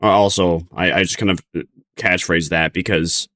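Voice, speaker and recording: A man's voice: deep voice, steady tone, normal speed, bright, forceful tone. A sleep-deprived man streaming a reaction video, rambling and stumbling over his words as he comments. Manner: rambling, stumbling restarts, giggly.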